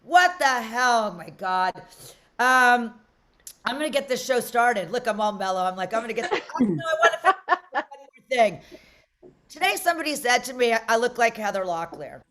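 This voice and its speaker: A middle-aged woman from Las Vegas hosting a comedy show, doing brash, rambling stand-up that often bursts out loud. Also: fairly high pitch, expressive, moderate pace.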